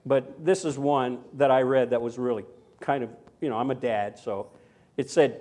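A man's voice: medium pitch, normal speed, dark tone. An older man preaching a sermon in a chatty, anecdotal way, with frequent asides and tag questions. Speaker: pastor. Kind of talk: sermon with personal story.

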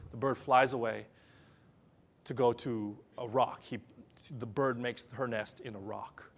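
A man preaching a sermon to people whose first language is different, telling stories and then leading a quiet prayer. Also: mid-range voice, takes it slowly.

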